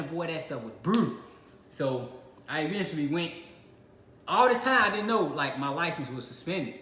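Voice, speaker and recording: A young man from Illinois, the host of his channel, narrates an easygoing personal story and mimics his own reactions. He sounds slightly high and sharp. The space is echoey with a trace of background noise.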